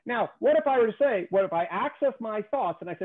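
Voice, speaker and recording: Brief: male guest, slightly high voice, emphatic explainer, thin telephone-like sound. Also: animated, fast talker. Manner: emphatic, keeps checking in with "okay?". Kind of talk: conversational lecture on theory. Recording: tinny phone-like call audio.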